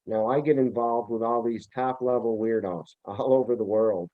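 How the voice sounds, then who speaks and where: A man's voice: mid-range voice, fairly even intonation, moderate pace, no room sound. A man from Vermont, a returning guest on an interview show, talking in a rambling way and often searching for his words. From Vermont, USA. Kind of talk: casual interview talk. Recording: tinny phone-like remote line, dry.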